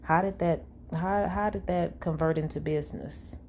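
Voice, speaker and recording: A woman's voice: deep voice, normal speed, a little mellow, a little hiss or hum. A woman reading text messages aloud and adding her own sassy, blunt asides in a conversational way. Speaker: commentary channel host. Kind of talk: reading texts aloud with commentary.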